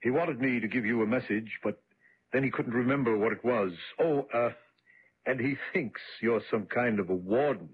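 An actor playing a plain-spoken male prison guard who reports in a flat, matter-of-fact way, in an old radio drama. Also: mid-range voice, moderate pace, a little hiss or hum, lightly acted. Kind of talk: 1950s radio drama acting. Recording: tinny phone-like old radio recording.

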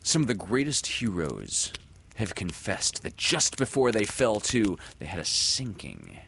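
Slow, expressive male storyteller. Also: fairly low pitch, gravelly, a little hiss or hum. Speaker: narrator. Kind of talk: storybook reading.

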